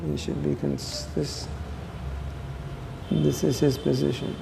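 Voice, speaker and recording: A man's voice: a little high, little pitch movement, slow, vocal fry, long reverb tail, noisy background. A man giving a scripture class, reading a passage aloud and then explaining it with emphatic asides, recorded on a phone.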